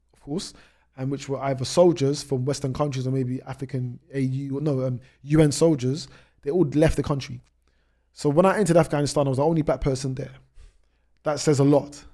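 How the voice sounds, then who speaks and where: A young British man in his twenties speaks as a guest on a podcast, telling travel stories at a rapid clip. His voice is dark and mellow, and he often breaks off and restarts his sentences as he goes. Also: mid-range voice. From United Kingdom. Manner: rapid anecdotes with many restarts. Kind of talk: storytelling in a podcast interview.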